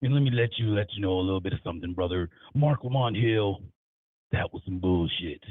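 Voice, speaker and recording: A man's voice: low-pitched, expressive, brisk, no room sound. A man calling in to a talk show, brash and confident. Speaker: caller. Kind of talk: call-in commentary. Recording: tinny phone line.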